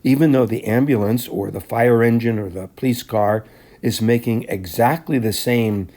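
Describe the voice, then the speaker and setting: A man teaching a class, explaining the material in a measured, step-by-step way and often clearing his throat. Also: mid-range voice, warm tone. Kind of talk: classroom lecture explaining handouts.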